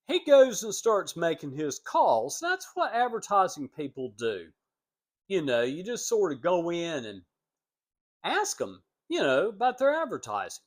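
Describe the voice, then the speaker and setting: A man recorded at home, unhurried and casual, telling a long story about his family. His voice sits a little high and swings hugely in pitch as he slips into the people he quotes. He talks slowly, pausing between short phrases. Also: wildly swooping pitch. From United States. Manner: rambling, acts out quoted voices with big pitch jumps. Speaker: vlogger telling family stories.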